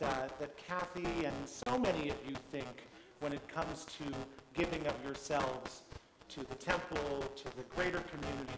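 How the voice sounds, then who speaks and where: A man from the temple clergy gently introduces a blessing song, speaking affectionately with filler pauses. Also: fairly high pitch. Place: temple sanctuary. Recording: roomy hall with loud noise.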